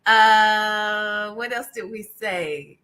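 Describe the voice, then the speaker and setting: A woman's voice: mid-range voice, fairly even intonation, very slow, pushed and bright, soft background music. A woman hosting a casual livestream interview, chatty and playful, laughing often. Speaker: host.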